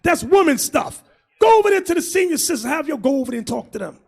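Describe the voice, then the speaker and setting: A man preaching as a bishop, loud and crude, shouting and laughing as he mocks people in put-on voices. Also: very high-pitched, very animated, fast, vocal fry.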